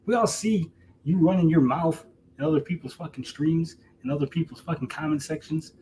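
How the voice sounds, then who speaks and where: A man's voice: on the high side, darkish tone, a little hiss or hum, poor audio. A man delivering a heated, profane callout rant to camera, repeating himself and mocking his target. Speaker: streamer.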